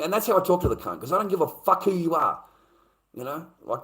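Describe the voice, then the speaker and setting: A man streaming, telling a personal story in a profane, casual way and getting loud and heated as he relives his anger. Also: a little high, big pitch swings, fast.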